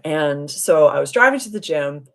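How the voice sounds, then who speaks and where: A woman hosting a live stream as a spiritual coach, telling a story in an animated, giggly way and answering viewer comments. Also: low-pitched, normal speed. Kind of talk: casual live-stream chat.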